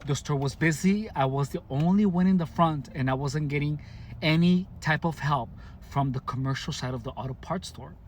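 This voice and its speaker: A vlogger from Mexicali talks casually to the camera about his own experiences, halting often with restarts and fillers while enunciating deliberately. His voice is fairly high-pitched, with slight background noise.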